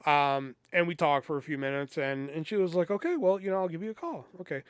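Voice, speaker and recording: A man with a fairly high, smooth and resonant voice tells a rambling story in a casual, profane way, playing every part in the conversations. The sound is dry and close. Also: fast, no room sound. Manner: animated, profane, acts out both sides of conversations. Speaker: podcast host.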